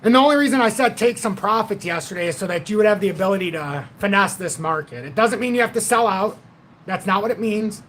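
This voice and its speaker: A man's voice: high voice, expressive, quick pace, fairly bright tone, slight background noise. A man in his forties hosting a casual livestream chat, rambling and blunt, swearing freely as he tells old stories. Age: 40s. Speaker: livestream host.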